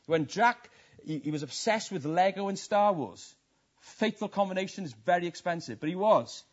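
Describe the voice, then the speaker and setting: A man preaching a passionate sermon, his voice swelling and dropping. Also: dull audio. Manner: impassioned, rising and falling in pitch and volume.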